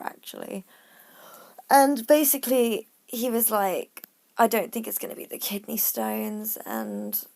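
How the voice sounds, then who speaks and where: A woman's voice: medium pitch, creaky, a little mellow, no echo. A woman vlogger, a bit out of breath, frankly telling a personal story in a chatty way that sometimes drops to a near whisper. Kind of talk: casual personal story to camera.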